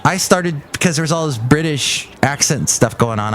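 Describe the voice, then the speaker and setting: A man's voice: medium pitch, expressive, moderate pace, hardly any pauses, a bit bright, a little hiss or hum. A middle-aged man hosting a podcast, talking casually with a rambling, filler-heavy manner. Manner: rambling, chatty, full of fillers. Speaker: podcast host. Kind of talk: casual chat.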